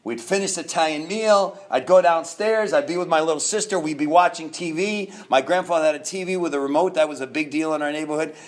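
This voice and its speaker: A man's voice: on the high side, quick pace, hardly any pauses. A man in his fifties from New York, a guest telling his own story candidly, rambling with restarts and laughs.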